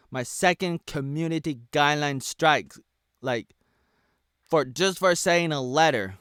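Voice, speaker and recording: A man in his thirties from the United States delivering an erratic ranting monologue, dropping to low mutters and then yelling. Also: clean tone, dry recording. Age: 30s. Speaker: vlogger.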